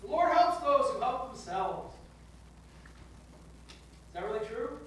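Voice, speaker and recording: A pastor delivering a sermon in a relaxed, storytelling manner with humor. The voice comes from a distant mic in a very echoey hall, with faint ambience behind. The pitch sits in a middle range. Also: slow, a little hiss or hum.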